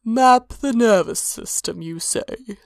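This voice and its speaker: A woman voicing a curious, slow-speaking tentacled male god with a dry manner. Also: lowish voice, expressive, a little mellow, dry recording, full character voice. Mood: musing.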